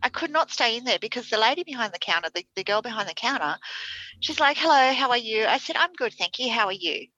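A woman talks in a casual chat, her voice bright and forward. She tells stories with animation, acting out the lines people said. The sound is dull and lo-fi. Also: on the high side, quick pace. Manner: animated storytelling, acts out quoted lines.

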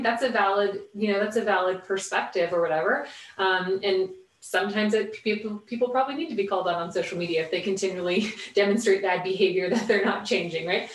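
A woman guest on a podcast, telling stories about her values in a candid, animated way with lots of fillers. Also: mid-range voice. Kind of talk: casual interview conversation. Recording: roomy, distant mic.

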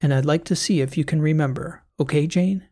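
A man voicing a calm, patient hospital doctor who coaxes his patient, in an audiobook. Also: on the high side, fairly quick. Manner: patient, coaxing. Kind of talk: audiobook character voice.

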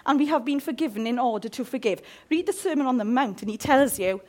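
Impassioned woman preacher, high and lively. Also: fast talker. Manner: impassioned, jokey, animated. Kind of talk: sermon.

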